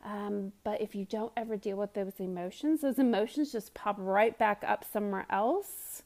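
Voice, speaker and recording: A woman's voice: mid-range voice, normal speed, darkish tone. A woman hosting a self-help podcast, talking earnestly and conversationally as a mother, sometimes dropping to a whisper for emphasis. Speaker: podcast host.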